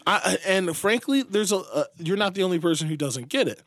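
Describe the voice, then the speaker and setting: Podcaster man, crude and rambling, laughs a lot, slightly high voice, dry close mic. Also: expressive, a little fast, fairly bright tone, no echo. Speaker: podcast co-host. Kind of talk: casual comedic chat.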